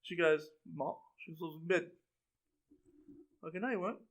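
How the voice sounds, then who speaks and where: A man's voice: on the high side, brisk. A young man chatting casually, telling a laid-back story. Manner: relaxed, laid-back storytelling, says bro a lot.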